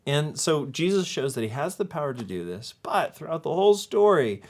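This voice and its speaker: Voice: medium pitch, sing-song, fairly quick, a little mellow. A youth ministry host making jokey announcements and then giving a Bible recap. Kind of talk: playful hosting and Bible recap.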